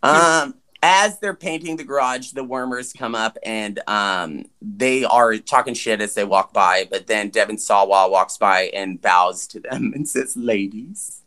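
A man with a bright, forward voice chats casually through a movie recap as a podcast co-host. He jokes, swears, and slips into quick impressions of the characters. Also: fairly low pitch. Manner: jokey, swearing, acts out characters' lines.

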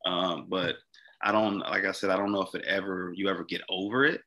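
Low, bright-voiced young man telling his story. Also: flat delivery, gravelly. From Mississippi. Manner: halting, repeats words and restarts often. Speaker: guest. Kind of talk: personal storytelling in an interview.

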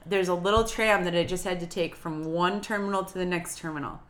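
A young woman co-hosting a podcast, telling a travel story in an animated, chatty way with bursts of laughter. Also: on the low side, a little fast. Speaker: podcast co-host. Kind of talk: casual chat, storytelling.

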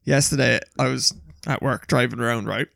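A man with an Irish accent, chatting casually and telling animated stories, swearing freely. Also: medium pitch, normal speed, creaky, no room sound. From Ireland. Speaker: podcast co-host. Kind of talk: casual chat.

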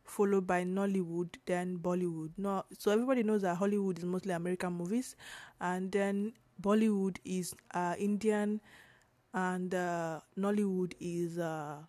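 A young woman from Nigeria talks through her solo podcast in a rambling, chatty way, correcting herself and filling gaps with "uh" and "you know." Her voice is a little hoarse and sits low for a woman. The sound is close and dry, with no room around it. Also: steady tone, normal speed, dark tone, no echo. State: slightly hoarse. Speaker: podcast host. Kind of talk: casual solo podcast talk.

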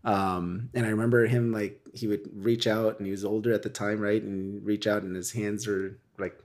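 Male guest, lowish voice, loose rambling storyteller, animated. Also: moderate pace. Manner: rambling, animated storytelling with frequent tag questions. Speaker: podcast guest, real estate wholesaler. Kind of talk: casual interview chat.

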